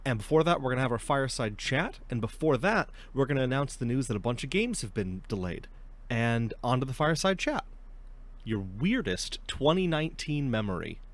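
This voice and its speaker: A young man hosts a casual podcast chat. His pitch swings widely as he tells stories, and he often breaks into laughter. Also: animated, brisk. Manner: chatty storyteller, laughs often. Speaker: podcast host.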